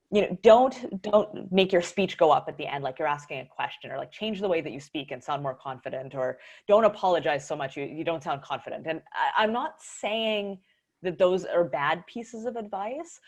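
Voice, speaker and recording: A woman giving a casual workshop talk over a video call, chatty, laughing often and filling pauses with ums. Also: sits low. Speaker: workshop presenter.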